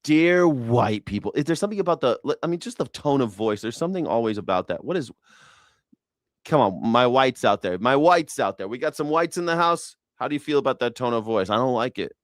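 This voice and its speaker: A man's voice: medium pitch, lively intonation, brisk, no room sound, studio quality. A man hosting a news reaction show, riffing sarcastically in rambling, profane commentary. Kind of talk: casual comedic commentary.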